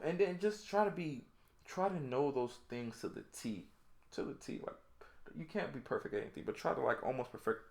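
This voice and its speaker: A man's voice: medium pitch, creaky, echoey room. A young man with an Atlanta accent who co-hosts a podcast and rants loosely in slang, telling stories in quoted voices. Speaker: podcast co-host. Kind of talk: casual chat.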